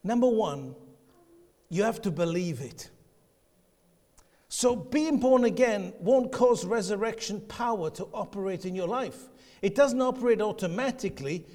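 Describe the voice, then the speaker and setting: A man preaching a passionate sermon, shifting between quiet, intimate passages and shouted declarations. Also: high-pitched, lively intonation, unhurried. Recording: long hall reverb.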